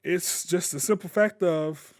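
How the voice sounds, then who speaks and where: High-voiced man, casual rant, blunt, profane, emphatic, gaming YouTuber. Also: measured pace.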